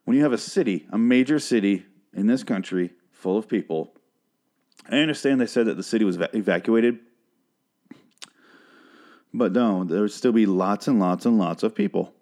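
A man hosts a casual solo podcast, ranting sarcastically and swearing freely as he recaps a show. His voice sits low and dark, with a slight frog in his throat. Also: moderate pace, pauses often. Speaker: podcast host recapping a TV episode.

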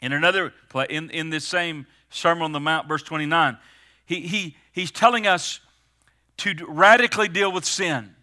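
A middle-aged man preaching a sermon as pastor, stressing words with slowed, emphatic pauses. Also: a little high, sharp tone.

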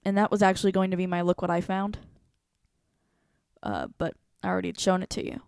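A woman's voice: lowish voice, flat delivery, a little fast, creaky, a little mellow, clean tone, no room sound, studio quality. A woman co-hosting a casual talk show, retelling a personal story candidly and animatedly, swearing freely. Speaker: podcast co-host.

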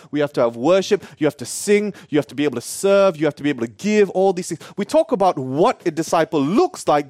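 A young Australian man preaching an animated, story-driven sermon, his voice high for a man. His pitch swings widely as he tells the story. The sound is close and dry. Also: no echo. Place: church.

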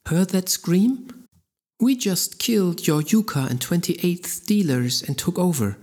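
Brief: male narrator as a merciless woman brawler, blunt, husky, slow delivery. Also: mid-range voice, wildly swooping pitch, darkish tone, heavily acted. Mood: cold. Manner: blunt and commanding. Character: cold ruthless woman fighter.

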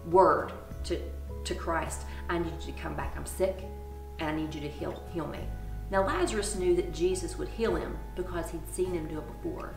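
A woman preaches in a very low, gravelly voice. She sounds distant in an echoey space, and clear music plays behind her. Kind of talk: sermon.

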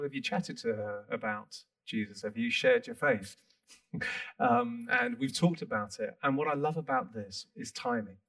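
Lively-voiced male pastor preaching. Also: medium pitch, vocal fry, distant mic. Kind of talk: sermon.

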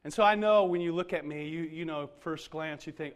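A middle-aged pastor tells a humorous, self-deprecating story during a sermon, speaking casually and conversationally with plenty of filler words. His voice is a little high and his pace fairly quick.

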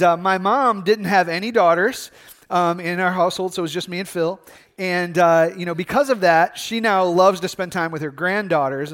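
High-voiced pastor telling a story. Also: male voice, fairly bright tone. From Michigan. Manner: conversational storytelling with frequent fillers and restarts. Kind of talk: sermon.

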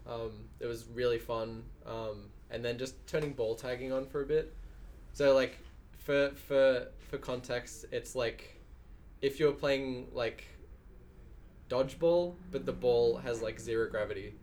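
A man's voice: medium pitch, fairly even intonation, unhurried, a little mellow, a little hiss or hum. A man chatting casually and enthusiastically about games, rambling with fillers.

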